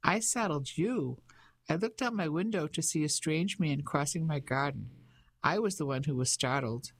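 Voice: mid-range voice, lively intonation, moderate pace, no echo. A reader voicing a haughty, defiant middle-aged Englishwoman who speaks in an indignant, officious way in an audiobook. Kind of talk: audiobook character voice.

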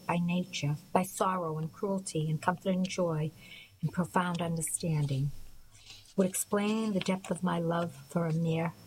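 A woman reading a first-person novel aloud in a soft, measured, reflective way. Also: fairly low pitch, slight background noise, low-quality recording. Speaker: audiobook narrator. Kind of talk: scripted first-person narration.

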